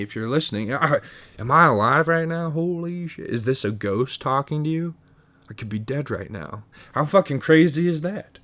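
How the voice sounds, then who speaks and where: A man's voice: mid-range voice, expressive, moderate pace, bright, forceful tone. A man hosting a podcast, musing in a profane, stream-of-consciousness comedic monologue full of restarts and stumbles. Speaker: podcast host.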